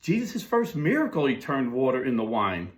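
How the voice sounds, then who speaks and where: A man voicing an Italian-American pastor from New York, speaking loud and incredulous. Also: medium pitch, wildly swooping pitch, moderate pace.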